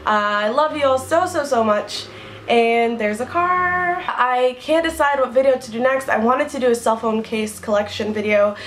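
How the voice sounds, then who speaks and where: A young woman vlogging to camera in a casual, rambling way, giggling often. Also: fairly high pitch. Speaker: beauty vlogger.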